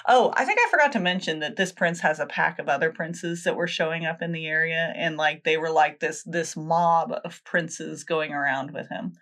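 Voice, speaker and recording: A woman's voice: low-pitched, flat delivery, moderate pace, hardly any pauses, a bit bright. A woman co-hosting a podcast, casually retelling a folktale in a chatty, filler-heavy way, laughing often and acting out the quotes. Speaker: podcast co-host. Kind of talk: casual storytelling chat.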